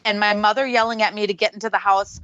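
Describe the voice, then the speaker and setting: A woman's voice: medium pitch, fairly even intonation, fast talker, a bit bright, no room sound, muffled recording. A woman, a paranormal investigator, tells a story on a radio show and acts out the voices she quotes.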